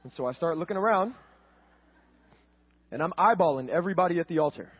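A man's voice: a little high, lively intonation, quick pace, slightly rough, narrow, tinny audio. A man telling his faith testimony as a sermon, earnest and storytelling, often repeating words.

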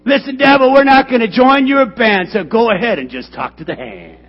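A man voicing Jesus in a sermon, carefree at first and then giving sharp commands, on a dull lo-fi recording. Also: very high voice, moderate pace, pitched above the performer's own voice. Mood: commanding. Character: Jesus, calm man hushing a storm.

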